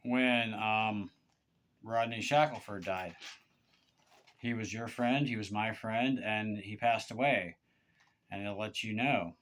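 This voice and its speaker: Halting, aggrieved man with a smooth low voice. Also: a bit bright. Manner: halting, stammered restarts and repeated words; aggrieved, pleading. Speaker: vlogger. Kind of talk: confessional monologue addressed to one person.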